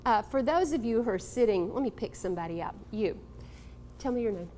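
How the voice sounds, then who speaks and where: A woman from Texas giving a live motivational talk to an audience, animated and coaxing, calling on people in the room. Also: on the high side, brisk, slight background noise. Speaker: motivational speaker.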